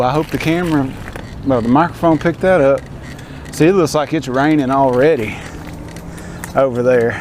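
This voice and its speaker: Breathless Southern man vlogging by bike. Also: medium pitch. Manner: folksy, self-deprecating, talks to viewers as y'all. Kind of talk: casual vlog narration while cycling. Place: outdoors on a bicycle by the road. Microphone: action camera. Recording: loud road and traffic noise.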